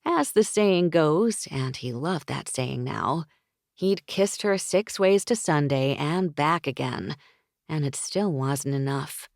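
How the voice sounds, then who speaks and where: A woman narrating a romance audiobook in a smooth, intimate storytelling manner. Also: low voice, lively intonation, takes it slowly, darkish tone, dry recording, clean studio sound.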